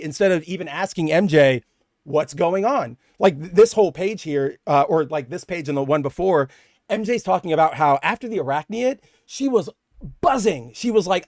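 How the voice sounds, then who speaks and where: Animated, rambling young man on a podcast. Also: fairly high pitch, moderate pace, no room sound, clean studio sound. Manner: rambling, animated, acts out characters' lines. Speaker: podcast co-host. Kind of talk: casual comic book discussion.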